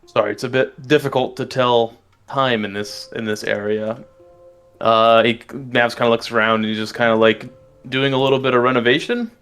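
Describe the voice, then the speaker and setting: A man's voice: mid-range voice, steady tone, moderate pace, fairly bright tone, clean tone, soft background music. A man playing a tabletop game, talking casually and hesitantly, with small fillers. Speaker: player.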